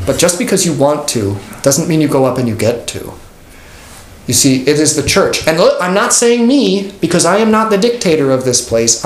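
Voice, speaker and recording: Casual joking pastor in an echoey room. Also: male voice, a little high. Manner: conversational, joking, acts out quoted people. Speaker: pastor teaching a class. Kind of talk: informal catechism class. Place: church classroom. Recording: echoey room with faint noise.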